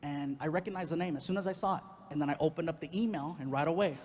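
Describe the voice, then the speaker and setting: A middle-aged man doing stand-up comedy storytelling, animated and breaking into yelling when acting out anger. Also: fairly high pitch, racing, few pauses.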